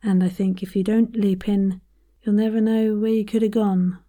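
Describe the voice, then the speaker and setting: A woman hosting a podcast, leading playful vocal warm-ups in an encouraging, often whispered voice. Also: medium pitch, flat delivery, normal speed. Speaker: podcast host and voice coach. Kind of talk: casual chat with vocal warm-up exercises.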